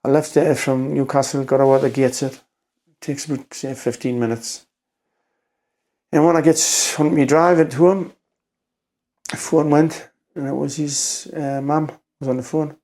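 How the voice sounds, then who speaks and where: A man's voice: medium pitch, steady tone, mellow. Emotional man telling a story. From North East England. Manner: halting, repeats himself, swears. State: emotional, near tears. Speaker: podcast guest, former doorman.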